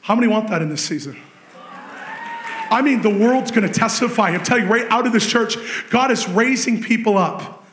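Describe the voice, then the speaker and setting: A man preaching a sermon, telling a story with animated swings between excited shouting and hushed intensity. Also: high-pitched, moderate pace, echoey room.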